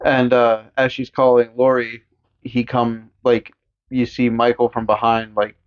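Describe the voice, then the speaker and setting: A man in casual podcast chat walks through a movie scene by scene, mid-pitched and easygoing. His retelling is loose and profane. The audio is a bit dull and lo-fi. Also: flat delivery, a little slow, smooth. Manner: profane, jokey retelling with squeaky put-on voices for characters. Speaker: podcast co-host.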